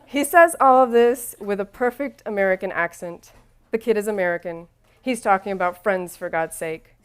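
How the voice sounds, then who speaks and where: Wry woman narrating in a clear voice. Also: mid-range voice, moderate pace. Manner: wry, self-deprecating. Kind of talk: first-person audiobook narration.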